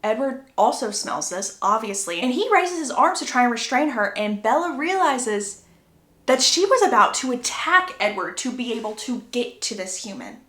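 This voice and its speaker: A young woman casually recapping a book plot for her channel, chatty and lively, jumping into character quotes. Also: moderate pace, echoey room. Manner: chatty, acts out quotes with pitch jumps. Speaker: book summarizer.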